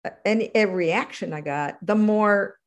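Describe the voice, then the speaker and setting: A middle-aged woman recounts her working life as an interview guest. Her delivery is animated and conversational, and she jumps her pitch sharply upward when she reenacts moments. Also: moderate pace. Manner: animated, acts out quotes with big pitch jumps. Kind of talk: conversational storytelling.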